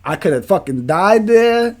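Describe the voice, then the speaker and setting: A man tells a story as a podcast co-host, his voice sitting a bit higher than most men's. He talks in a loose, animated, emphatic way and swears freely. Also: a little slow. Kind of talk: casual storytelling.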